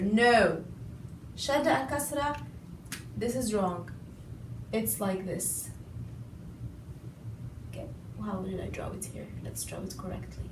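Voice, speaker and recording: A woman language teacher explaining a lesson patiently, repeating words slowly and stressing each syllable. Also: sits high, fairly bright tone, slight background noise. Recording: echoey room, voice a bit far from mic.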